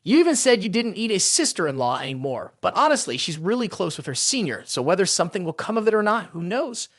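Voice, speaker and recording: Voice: mid-range voice, big pitch swings, fast talker, no room sound, clean studio sound. A narrator voicing a sly young man, an aide who teases his boss. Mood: teasing. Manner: teasing. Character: teasing young male aide, dry and sly.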